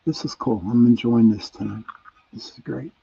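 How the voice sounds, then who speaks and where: A man's voice: medium pitch, moderate pace, vocal fry, dark tone, breathy edge. A man with a Pittsburgh accent hosting a casual radio chat show, reading out listener answers in an easygoing way. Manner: reads out listener messages, chuckling, easygoing. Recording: dull lo-fi sound.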